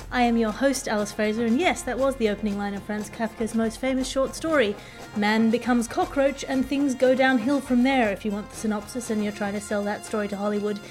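Woman comedy podcast host, fairly high voice, dry witty delivery, faint music underneath. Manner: quick, wry, deadpan jokes. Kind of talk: topical comedy podcast hosting.

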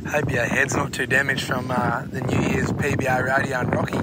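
A man's voice: mid-range voice, level tone, brisk. A man leaving an easygoing, rambling message about a story from a mate. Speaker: sponsor calling in. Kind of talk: recorded phone message. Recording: loud wind noise outdoors.

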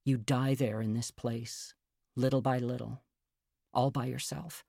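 A male audiobook reader voicing a fragile, anxious young woman, speaking earnestly and quietly pleading. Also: medium pitch, steady tone, measured pace, creaky, no echo, studio quality, voice pushed up. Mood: eerie. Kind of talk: audiobook character reading.

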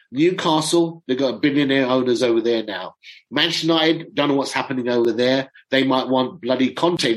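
A middle-aged man chatting to viewers as a football fan commentator, excitable and chatty, often stumbling over names. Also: a little high, low-quality recording. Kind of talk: casual chat to viewers.

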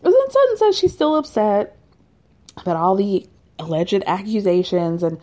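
A woman's voice: medium pitch, sing-song, normal speed, warm tone. A woman casually recapping with profanity, chatty and opinionated, laughing as she retells.

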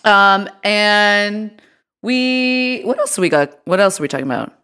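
A young woman co-hosting a podcast in casual comedic chat, teasing her co-host and quick to laugh. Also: medium pitch, pushed and bright, clear, resonant tone.

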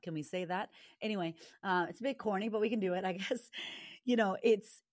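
A woman's voice: on the low side, darkish tone, dry recording, studio quality. A woman speaking as an interview guest and confidence coach, blunt and passionate, swearing freely. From Latina upbringing. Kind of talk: candid interview talk.

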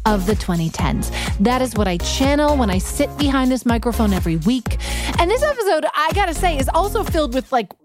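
Playful lady podcast host chatting away, kinda high voice, soft music behind her. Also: very animated, brisk. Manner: bubbly, playful and jokey. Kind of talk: casual podcast chat.

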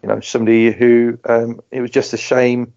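A man co-hosts a podcast, speaking slowly and hesitantly with many fillers. His voice is mellow and dark with a very flat, even pitch. The recording is slightly muffled. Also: vocal fry. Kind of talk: casual podcast chat.

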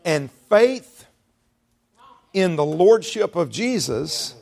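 Man preaching, call-and-response sermon, fairly high voice, playful asides, slows for emphasis. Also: very animated, creaky, a little mellow. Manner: conversational, teasing the congregation with humorous asides; slows down to stress key phrases.

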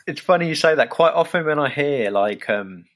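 A man's voice: fairly high pitch, animated, normal speed, a bit bright. A man from England with an English accent, a podcast guest chatting casually and hesitantly, with many fillers and restarts. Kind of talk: casual interview chat.

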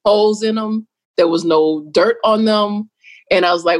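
A middle-aged woman talking casually as an interview guest, animated and quick to act out what others said. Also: medium pitch. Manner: animated, jumps between quoted voices and laughs.

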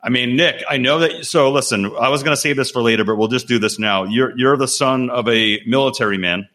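A man's voice: mid-range voice, fairly quick, fairly bright tone. Male podcast host, friendly interviewer, average voice. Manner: leading questions, friendly and conversational. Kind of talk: casual interview chat.

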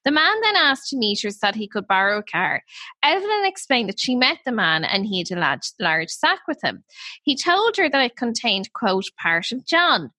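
Bright lively woman chatting true crime on a podcast, voice jumps all over, dry close sound. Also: on the high side, moderate pace, no echo. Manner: lively storytelling, animated. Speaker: podcast co-host. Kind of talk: casual true-crime chat.

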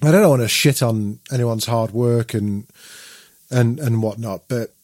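Chatty British podcast host, dry sound. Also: male voice, mid-range voice, unhurried, a little mellow, no echo. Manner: chatty, rambling, with many fillers and restarts. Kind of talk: casual podcast chat.

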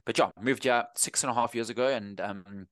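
A man's voice: medium pitch, fairly quick, a bit bright, dry recording. A man in his thirties with a South African accent, a running coach chatting easygoing as an interview guest, often restarting his sentences. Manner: easygoing, rambling with frequent restarts. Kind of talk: casual interview chat.

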